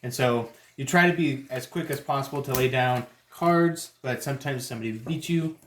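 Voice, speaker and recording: A man's voice: medium pitch, normal speed, slight background noise. Man talking through card moves, echoey. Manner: talks through moves as he plays. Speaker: game explainer. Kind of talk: casual game demonstration.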